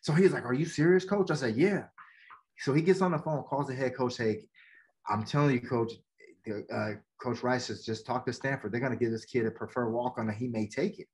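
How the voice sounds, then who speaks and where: A mid-range, brisk male voice belongs to a podcast guest who is an educator and ex-football coach. He spins casual, lively stories, performing the quotes and dropping "man" often.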